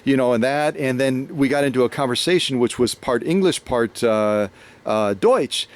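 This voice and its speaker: An American man hosts a relaxed chat, spinning a long anecdote in an easygoing, meandering way. He stops and restarts often, padding his sentences with fillers. His voice sits at an ordinary middle pitch. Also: normal speed. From United States. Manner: rambling, many fillers and restarts. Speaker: host, sewing machine restorer. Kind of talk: casual storytelling conversation.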